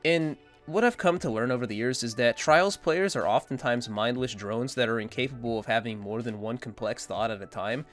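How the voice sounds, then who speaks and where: A man's voice: mid-range voice, lively intonation, brisk, hardly any pauses, faint music behind. A man giving casual, rambling opinion commentary as a gaming content creator, blunt and dismissive.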